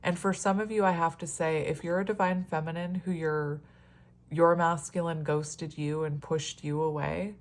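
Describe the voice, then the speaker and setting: A woman's voice: sits low, steady tone, normal speed. A woman in a casual solo tarot reading, chatty and rambling, often laughing and exclaiming at the cards. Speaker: tarot reader.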